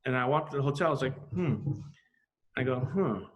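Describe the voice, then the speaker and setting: The audio is dull as a middle-aged graffiti artist talks briskly in a mid-range voice on a podcast where he is a guest. He swears casually, tells stories with animation, and acts out both sides of conversations.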